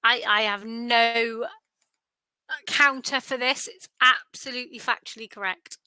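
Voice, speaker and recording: A woman's voice: a little high, steady tone, unhurried, pushed and bright, clear, resonant tone, dry recording, poor audio. A tired woman hosting a live quiz, chatty and self-deprecating. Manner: chatty, self-deprecating, sing-song repetition. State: tired, yawning. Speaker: quiz host. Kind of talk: casual quiz livestream chat.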